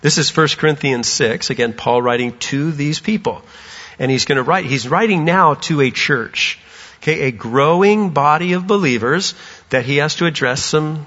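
A middle-aged man preaching a sermon as pastor, telling stories with lively animation and acting out voices. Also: fairly high pitch. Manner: animated storytelling, acts out voices. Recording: dull sound with long hall reverb.

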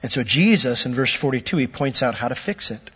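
A man's voice: expressive, a little fast, a bit bright, husky. A middle-aged man preaching a sermon, explaining scripture with emphatic rises in his voice. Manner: expository teaching with emphatic pitch lifts. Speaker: pastor. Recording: dull reverberant hall recording.

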